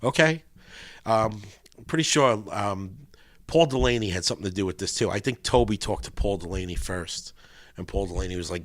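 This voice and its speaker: A man's voice: sits low, normal speed, a bit bright, dry recording, clean studio sound. A man as a podcast guest, telling rambling, swear-laden stories and acting out what others said. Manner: rambling storyteller acting out quotes, swears freely. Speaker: guest guitarist. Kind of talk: casual podcast interview.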